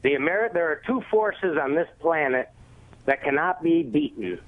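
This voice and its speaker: A man's voice: fairly high pitch, animated, normal speed. A man from the Cleveland area calling in to a radio show, laying out his points with confident insistence. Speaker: caller. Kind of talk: phone-in caller making a point. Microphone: telephone. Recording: tinny phone line.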